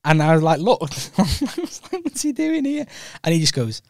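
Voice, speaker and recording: A man's voice: a little high, big pitch swings, normal speed, vocal fry, darkish tone, dry recording, studio quality. A young Welsh man co-hosting a podcast, telling rambling stories in a casual chat and laughing often. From Wales. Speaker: podcast co-host.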